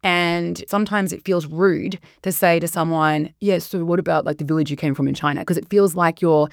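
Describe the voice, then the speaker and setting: A woman, a guest historian, telling stories in a casual interview and acting out quoted voices with lively shifts. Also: fairly low pitch, brisk, no echo, clean studio sound. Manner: animated storyteller, acts out quotes.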